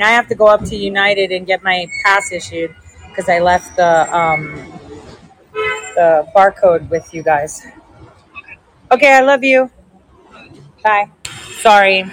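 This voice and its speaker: Recorded with poor audio but no echo, a middle-aged woman speaks at medium pitch as she livestreams outside at an airport smoking spot. Her chat with viewers is rambling and profane, full of filler words.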